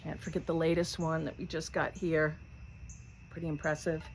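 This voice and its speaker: A woman's voice: sits low, flat delivery, moderate pace, gravelly, slight background noise. A woman telling her own survival story in a candid, conversational way, with light laughs. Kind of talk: personal storytelling to camera.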